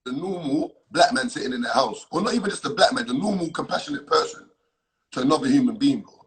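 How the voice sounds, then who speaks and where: A man's voice: on the high side, quick pace, breathy edge, low-quality recording. A man calling into a live stream to argue insistently, tagging his points with "bro.". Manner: insistent, argumentative, lively.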